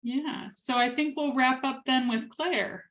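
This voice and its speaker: A woman's voice: high-pitched, steady tone, a bit bright. Woman moderating an online memorial. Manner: brisk, directing the speakers. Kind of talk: hosting an online meeting. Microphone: video call.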